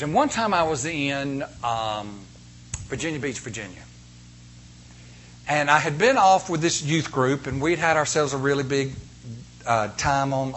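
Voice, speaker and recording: A man preaching from a church stage, his voice bright and forceful with a slightly raised pitch. He tells his story in animated bursts, leaning into loud, emphatic peaks. A faint hum of room noise sits under the microphone. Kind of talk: sermon with storytelling.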